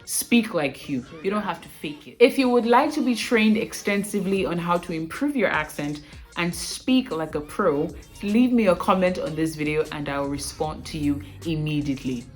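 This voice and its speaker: A young woman from Nigeria with a Nigerian accent, coaching viewers on pronunciation in a casual, emphatic, animated way. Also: on the low side, normal speed, soft background music. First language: Bini. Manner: animated, emphatic, repeats words for correction. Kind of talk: casual talking-head lesson.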